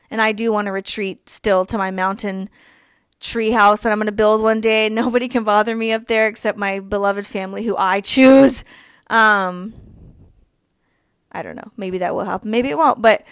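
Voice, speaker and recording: A woman's voice: fairly high pitch, clear, resonant tone, dry recording. A young woman co-hosting a podcast, ranting emphatically in a heated personal monologue, swearing freely. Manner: emphatic, swears freely, laughs between points. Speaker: podcast co-host.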